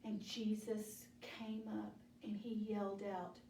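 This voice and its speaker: Slow-paced woman telling a Bible story. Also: medium pitch, monotone, mellow. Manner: slow, deliberate storytelling, asking children questions. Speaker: children's Bible study teacher. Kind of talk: storytelling a Bible lesson to children. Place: church room. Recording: echoey room, mic at a distance.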